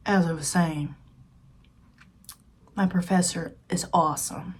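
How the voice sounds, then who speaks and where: Early-20s woman, low husky voice, chatty confessional vlogger who drifts into hushed asides. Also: takes it slowly, long pauses. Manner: chatty and confiding, often dropping to a soft near-whisper. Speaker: student vlogger. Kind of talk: casual rambling vlog chat.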